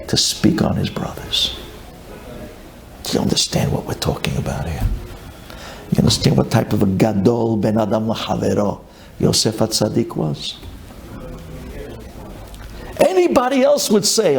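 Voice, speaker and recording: A man, a rabbi, giving a sermon dramatically, swinging from loud pleading to hushed intensity. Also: on the low side, vocal fry.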